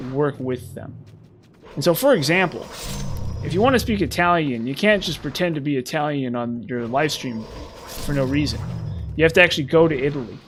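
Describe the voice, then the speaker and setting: A man's voice: fairly high pitch, a little hiss or hum. A man giving casual, rambling and sarcastic commentary while playing a video game. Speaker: gameplay commentator.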